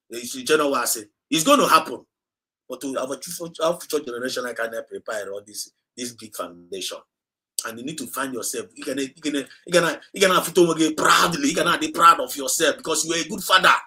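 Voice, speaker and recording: A man's voice: medium pitch, pushed and bright, rough recording. A man with a Nigerian accent hosting a livestream, speaking urgently and repetitively, mixing Igbo and English mid-sentence as he exhorts his listeners. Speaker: activist livestream host. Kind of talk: impassioned livestream address.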